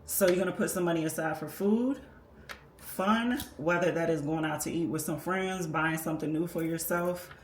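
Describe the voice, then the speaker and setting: A personal finance creator with a lowish voice takes viewers patiently and methodically through a budgeting tutorial at a moderate pace, explaining each step as she works on paper. The room is echoey, with faint background noise.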